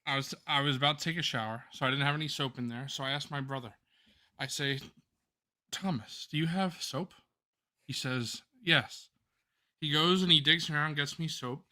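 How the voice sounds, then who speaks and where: A man co-hosting a live stream, telling a long story in a casual, animated and profane way. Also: fairly high pitch, brisk. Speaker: co-host.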